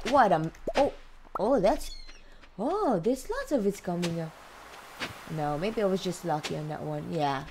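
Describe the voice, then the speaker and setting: A woman's voice: medium pitch, noisy background. A woman hosting a let's play, chatting to her viewers in a chatty, exclaiming way with frequent gasps. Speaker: gaming channel host.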